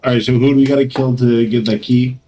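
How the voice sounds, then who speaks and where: A man's voice: mid-range voice, flat delivery, fast, dark tone, slight background noise, poor audio. A man playing a tabletop game, asking plain questions in casual talk. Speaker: player.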